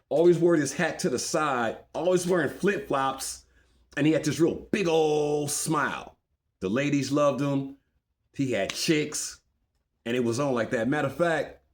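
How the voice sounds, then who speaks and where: A man's voice: mid-range voice, darkish tone. Man spinning a rambling street story. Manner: loose and rambling, heavy slang, repeats phrases for rhythm. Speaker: storyteller recounting his past. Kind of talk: casual street storytelling to camera.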